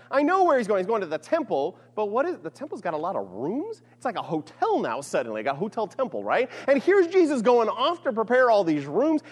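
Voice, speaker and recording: A man teaching a class on scripture in a lively, conversational way, often checking in with "right?". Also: very high voice, slightly rough, long reverb tail. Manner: animated, conversational, frequent "right?" asides. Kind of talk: lecture on scripture.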